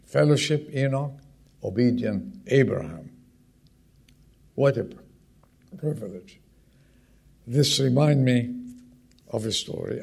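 A man's voice: fairly low pitch, gravelly, darkish tone, breathy edge. A man preaching a sermon who stresses key words by repeating them and puts direct questions to the congregation.

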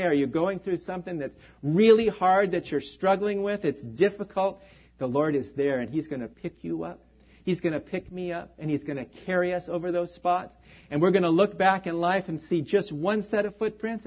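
An earnest man preaching with emphasis, his voice sitting high for a man. He drops low and soft on key lines. The recording is muffled and lo-fi. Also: normal speed. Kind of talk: sermon. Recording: dull lo-fi sound.

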